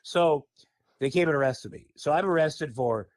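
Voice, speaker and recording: A man telling a story on a podcast in a casual, animated, profane way. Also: on the high side, normal speed, dry recording. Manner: animated, profane, laughing often. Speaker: podcast guest.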